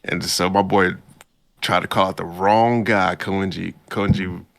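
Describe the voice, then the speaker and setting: A man hosting a podcast, casually recapping an anime episode in a laid-back, slangy way and jumping up in pitch to quote the characters. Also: steady tone, measured pace, a bit bright. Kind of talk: casual chat.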